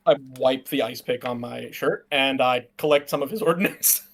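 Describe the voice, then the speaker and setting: A man playing a tabletop game, talking quickly and excitably about his moves and restarting sentences. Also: mid-range voice. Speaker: player.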